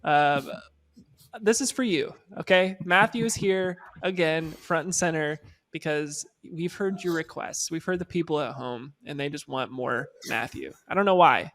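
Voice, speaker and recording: A man hosting a podcast in casual chat, animated and joking, trailing off into fillers. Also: on the high side, measured pace. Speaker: podcast host.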